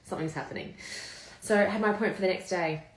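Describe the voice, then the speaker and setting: A woman's voice: lowish voice, fast talker. A woman in her thirties chatting candidly to viewers in a live vlog, telling her story casually and swearing freely. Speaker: vlogger. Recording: echoey room.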